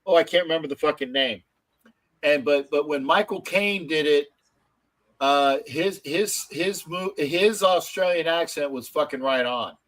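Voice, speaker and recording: A man's voice: on the high side, measured pace, fairly bright tone, rough recording. A man hosting a live stream in casual chat, rambling with lots of restarts and swearing freely. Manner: rambling, swears, many false starts. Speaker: show host.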